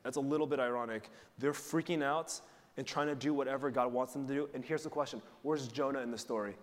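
A man's voice: mid-range voice, fairly even intonation, fast. A man giving a sermon as pastor, preaching in a conversational way and putting questions to the congregation. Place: church sanctuary. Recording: long reverb of a large hall.

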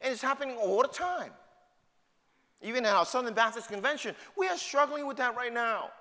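A man's voice: very high-pitched, expressive, a little fast, pushed and bright. A middle-aged man with a New York City accent preaching a sermon, emphatic and full of rhetorical questions. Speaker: pastor. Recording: long hall reverb.

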